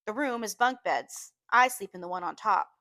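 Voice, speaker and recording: A woman reading a novel aloud in a measured storytelling manner, slowing down to stress key phrases. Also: medium pitch, expressive, pushed and bright, no echo. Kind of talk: audiobook-style reading.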